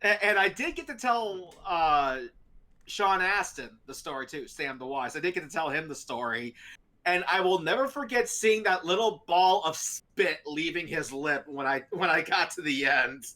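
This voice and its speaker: A talk show host telling a story in a casual, animated way and laughing often. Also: mid-range voice, moderate pace.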